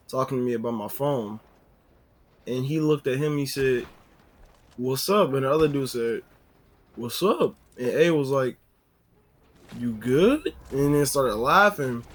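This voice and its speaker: A man telling a casual story on a vlog, animated and full of fillers. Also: medium pitch.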